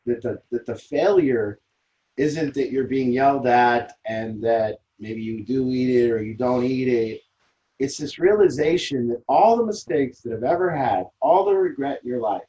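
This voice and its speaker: A man's voice: medium pitch, mellow, dull audio. Earnest man leading a recovery group. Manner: earnest, emphatic, repeats phrases. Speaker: group leader.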